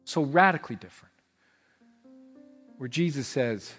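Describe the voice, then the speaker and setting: A man preaching a sermon as pastor, emphatic and repetitive, swinging between fervent and hushed. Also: mid-range voice, animated, normal speed, pauses often, in a large hall, faint music behind. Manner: repeats phrases for emphasis. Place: church sanctuary.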